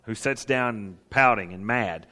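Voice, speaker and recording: A man's voice: fairly low pitch, a little slow, bright, forceful tone. A man preaching a sermon on counseling, emphatic and repeating his key phrases for weight. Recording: long reverb of a large hall.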